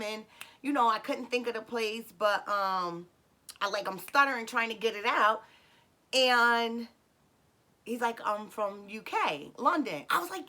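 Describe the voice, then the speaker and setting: At a measured pace, an adult woman who has a son casually recounts a personal story. She's animated, acting out dialogue in sudden high, excited bursts and frequently using fillers and correcting herself.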